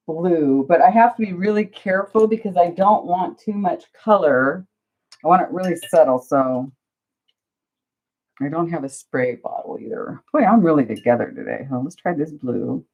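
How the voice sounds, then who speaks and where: A low-voiced woman chats her way through a crafting livestream, her pitch bouncing lively up and down. She is flustered and pokes fun at herself as she talks to viewers. The audio is dull and lo-fi. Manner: flustered, chatty, self-deprecating, talks to viewers. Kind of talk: casual livestream chat while crafting.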